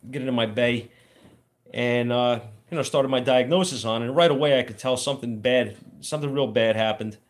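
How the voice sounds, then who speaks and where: A man who runs an auto repair shop tells a story to the camera in a loose, rambling way. His talk is plainspoken and full of trade slang, with now and then a mild curse. His voice sits in an ordinary middle pitch. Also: brisk. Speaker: auto mechanic and shop owner.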